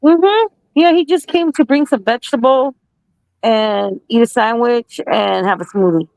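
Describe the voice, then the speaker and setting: A woman's voice: on the high side, measured pace, vocal fry, a little mellow, dry recording, low-quality recording. A woman joining a casual group chat who talks cheerfully and laughs often. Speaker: chat participant.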